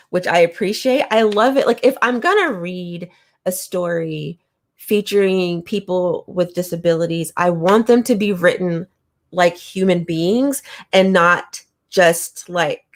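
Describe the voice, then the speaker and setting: A woman reviewing manga in a casual chat to camera, talking enthusiastically with lots of fillers and restarts. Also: lowish voice.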